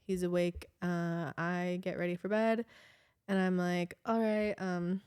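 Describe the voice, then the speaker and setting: A young woman casually telling a long story on a podcast, animated and full of "like". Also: lowish voice, a little slow, smooth. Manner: chatty, animated, heavy use of "like", laughs often. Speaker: podcast co-host.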